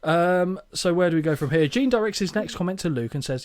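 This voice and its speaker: A man hosting a recap podcast, his pitch sitting a little high and bouncing all over as he cracks sarcastic asides. The sound is dry and close. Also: animated, fairly quick, no room sound. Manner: wry, sarcastic narration with jokes. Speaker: podcast host. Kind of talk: comedic recap podcast chat.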